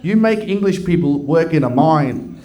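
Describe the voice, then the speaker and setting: A man's voice: on the high side, animated, moderate pace, noisy background. A man from Melbourne doing a stand-up set, with crude, sweary banter with the crowd. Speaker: stand-up comedian. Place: comedy club stage with live audience. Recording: echoey club room with loud crowd.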